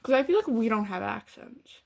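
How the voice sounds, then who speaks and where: A woman with a Midwestern American accent talks casually to her camera as a vlogger. Her voice sits a little high. She rambles, restarts her sentences and fills them with "like.". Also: animated, normal speed, creaky. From Michigan. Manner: rambling, heavy use of "like" and restarts.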